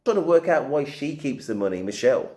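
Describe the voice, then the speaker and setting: A man hosting a reaction video, thinking aloud in casual, slangy talk as he pauses a clip. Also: mid-range voice, expressive, dark tone.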